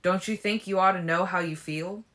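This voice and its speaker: A woman's voice: lowish voice, steady tone, moderate pace, fairly bright tone, close to an everyday voice. Woman reading a blunt, jealous teenage boy. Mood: defiant. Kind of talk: fan audiobook reading.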